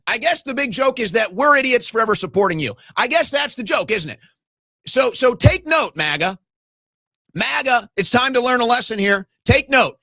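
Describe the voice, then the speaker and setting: A man with a high, bright voice rants on air as a political show host, his pitch swinging widely as his indignation rises and falls. He talks straight to his listeners, calling them folks. The sound is dry and close, with no room around it. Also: no echo. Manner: ranting, indignant, addresses audience as folks. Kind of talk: angry live political commentary.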